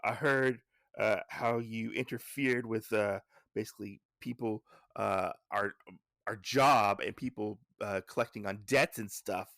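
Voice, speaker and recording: A man's voice: fairly low pitch, steady tone, a little slow, gravelly, a bit bright, no room sound, clean studio sound. A man doing a blustering gangster cat boss. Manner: blustering, threatening. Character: arrogant gangster son, male cat boss.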